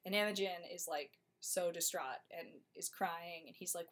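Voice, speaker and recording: A woman's voice: lowish voice, steady tone, fairly bright tone. A woman co-hosting a podcast, giving a chatty, slangy comic plot summary. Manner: chatty, slangy, quick asides. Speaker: podcast co-host.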